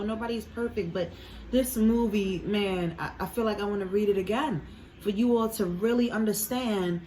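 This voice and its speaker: A woman's voice: medium pitch, a little mellow, a little hiss or hum, low-quality recording. A woman. She talks earnestly in a casual, emotional way, swears freely and fills her talk with "you know". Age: 20s. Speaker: reaction video host.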